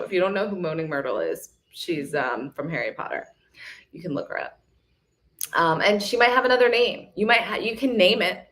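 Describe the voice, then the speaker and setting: A woman's voice: on the low side, lively intonation, a little fast, a bit bright. A woman hosting a live self-love retreat, giving an emphatic, casual motivational talk. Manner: emphatic, repetitive coaching; casual, chatty.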